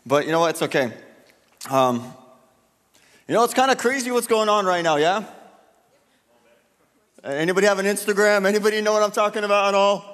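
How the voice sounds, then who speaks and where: A man's voice: high-pitched, a bit bright, big-room sound. A young man preaching casually to a church gathering in a loose, chatty way with lots of fillers. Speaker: youth pastor. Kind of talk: casual sermon and prayer. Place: church hall.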